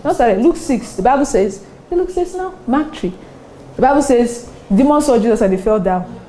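A Nigerian woman pastor preaching a sermon, animated and often laughing between her points. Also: on the high side, normal speed, a little hiss or hum. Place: church service with congregation responding.

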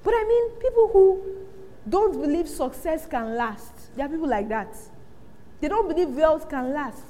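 A high-voiced woman preaches in a hall with a long, ringing reverb. She tells stories in lively bursts and acts out the voices of the people she quotes. Her delivery swings between hushed asides and loud punchlines. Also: normal speed, a little hiss or hum. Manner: animated storytelling, acting out quoted voices, frequent laughter. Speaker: pastor. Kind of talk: sermon.

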